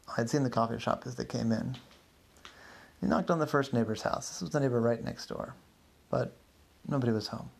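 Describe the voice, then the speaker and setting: A man's voice: medium pitch, brisk, vocal fry, slightly rough. A man narrating an improvised detective story in a loose, hesitant way, correcting himself as he goes.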